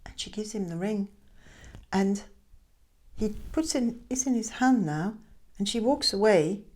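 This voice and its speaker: A woman telling a classic tale aloud in a chatty, expressive way with hesitant asides. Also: medium pitch, unhurried. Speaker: storyteller. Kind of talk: informal oral storytelling.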